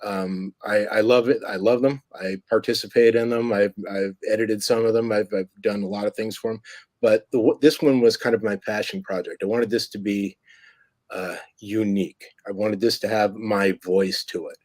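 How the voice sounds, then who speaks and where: Low-voiced rambling middle-aged man. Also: fairly even intonation, normal speed, a little mellow, no echo. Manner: rambling, with many restarts. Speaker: filmmaker guest. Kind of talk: casual interview chat.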